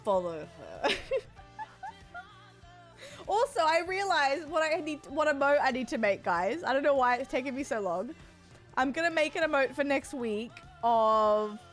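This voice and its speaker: Bubbly Australian woman streamer, high voice. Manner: bubbly and chatty, quick swings up in pitch. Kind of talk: casual chat with viewers.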